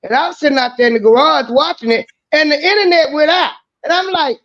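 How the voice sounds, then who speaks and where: High, emphatic woman on dull lo-fi audio. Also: fast talker, fairly bright tone. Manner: emphatic, profane, storytelling. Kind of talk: casual chat.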